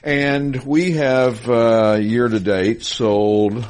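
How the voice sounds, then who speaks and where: A middle-aged man hosting a casual podcast, chatty and quick to laugh as he rattles off sales figures. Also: mid-range voice, fairly even intonation, darkish tone. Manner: chatty, laughs easily, reels off numbers. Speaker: podcast host, car dealership spokesman.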